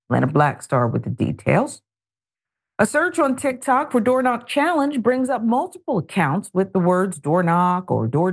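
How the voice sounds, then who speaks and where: A middle-aged woman hosting a news talk show, reading stories and adding pointed, animated commentary. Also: mid-range voice, gravelly. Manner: animated, editorializing with pointed asides.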